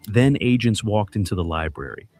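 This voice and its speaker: A man giving scripted dramatic mystery narration, measured and suspenseful, delivered in short clipped phrases. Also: lowish voice, animated.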